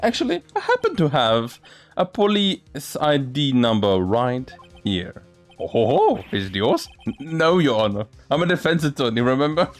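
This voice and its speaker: A man's voice: mid-range voice, wildly swooping pitch, moderate pace. A man reading a courtroom game aloud and doing every character's voice himself, sometimes stumbling over words. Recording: faint music behind.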